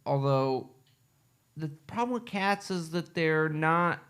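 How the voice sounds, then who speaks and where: Podcast host guy, a bit high, teasing his friends, laughs a lot. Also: expressive, slow pace, fairly bright tone, smooth. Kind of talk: casual comedic chat.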